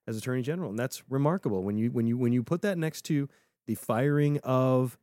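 A man co-hosting a casual political podcast, talking in an animated way and often restarting his sentences. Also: medium pitch, a little fast, dry recording, studio quality. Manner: animated, with frequent restarts and repeated words.

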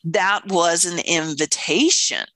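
A woman co-hosting a casual podcast, telling stories with lots of laughter and sudden excited jumps in her voice. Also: takes it slowly, no room sound. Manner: animated storytelling, laughs often, jumps into high excited voices. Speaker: podcast co-host. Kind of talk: casual spiritual podcast chat.

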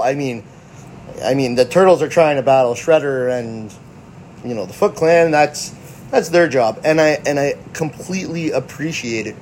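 A man casually recapping a film in a mid-pitched voice. He rambles, backtracks and corrects himself, with faint air conditioning humming in the background. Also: darkish tone, a little hiss or hum. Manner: rambling, self-correcting, fannish. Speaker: host.

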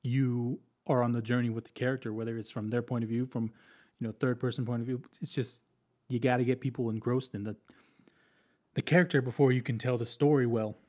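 Casting note: easygoing man, mid-pitched voice, animated film chat with acted-out quotes and frequent laughs. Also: brisk. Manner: animated, chatty, acts out quotes, laughs often. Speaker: movie reviewer. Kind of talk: casual film review.

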